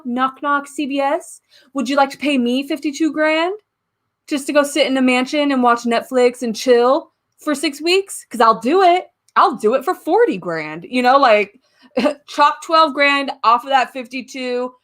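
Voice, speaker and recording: A woman's voice: fairly high pitch, a bit bright. A young woman hosting a casual live stream from home, chatting to viewers, giggling often and swearing casually. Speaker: YouTube live-stream host.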